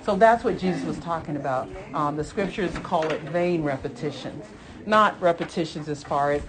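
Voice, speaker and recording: A woman's voice: low voice, normal speed, crowd noise. Woman, Bible study leader, earnest, repeats herself, laughs easily, group audible around her.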